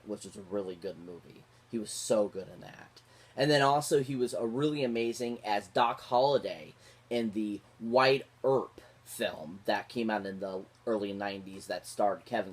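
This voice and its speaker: A man giving a casual, rambling film review, gushing about the actors with constant fillers and restarts. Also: on the low side. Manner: gushing, repeats favourite words. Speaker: movie reviewer.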